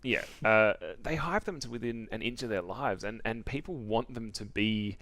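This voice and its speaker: A man co-hosting a casual games chat show, talking haltingly with restarts and frequent laughs. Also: lowish voice, a bit bright. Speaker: podcast co-host.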